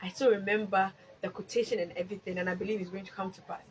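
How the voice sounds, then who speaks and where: A Ghanaian woman hosting a live stream and sharing a personal faith testimony, moving between loud exclamations and soft prayerful speech, slipping Twi phrases in among her English. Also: mid-range voice, steady tone, racing, rough recording.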